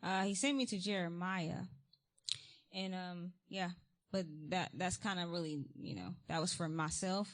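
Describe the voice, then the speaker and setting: A woman's voice: fairly low pitch, unhurried. A woman guest speaker giving an informal sermon in a church, candid and conversational with frequent ums and likes, reading scripture aloud with rising emphasis. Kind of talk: informal testimony-style sermon. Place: church sanctuary.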